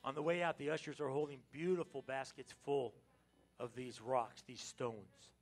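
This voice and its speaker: An American man preaching a lively Palm Sunday sermon in church, joking with the congregation and breaking into sudden loud exclamations. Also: medium pitch, normal speed, soft background music. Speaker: pastor. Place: church sanctuary.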